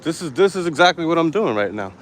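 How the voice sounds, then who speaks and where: Talking fast and very animated in a voice on the high side, a street vlogger walks city sidewalks live-streaming from his handheld phone. He's hot and sweating, speaking to the camera in a brash, defiant, profane manner. Faint outdoor street noise and traffic ambience can be heard.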